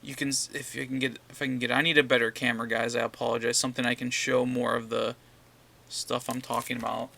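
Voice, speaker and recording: A man's voice: medium pitch, little pitch movement, fast, creaky, sharp tone, a little hiss or hum. A man rambling casually in a comic book vlog, ranting and swearing as he shows his new pickups. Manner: ranting, profane, repeats himself.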